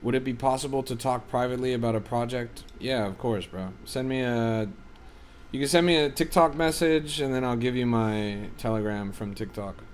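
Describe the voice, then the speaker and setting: A man's voice: mid-range voice, normal speed, slight background noise. A man streaming as a crypto trader, giving casual, offhand livestream commentary that is often profane as he reads and answers his chat.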